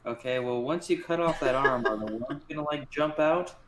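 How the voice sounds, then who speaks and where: Dude at a d&d table, brisk and practical, roomy echo. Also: male voice, medium pitch, a crowd in the background. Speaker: player. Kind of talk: casual tabletop game chat. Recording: echoey room.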